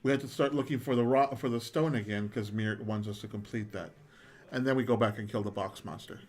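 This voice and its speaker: A man playing a tabletop game, talking in casual chat and planning the group's next steps with halting restarts. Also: fairly low pitch. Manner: plans out loud, halting restarts. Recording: live stream voice chat.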